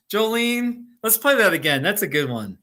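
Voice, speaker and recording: A middle-aged American man hosts a relaxed live chat, calling out viewers by name and laughing easily. His voice sits fairly high and very bright. He takes his time, talking at an easy, unhurried pace. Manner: chatty, laughs often, talks to viewers by name. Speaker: livestream host. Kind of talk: casual live chat reading comments. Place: Colorado.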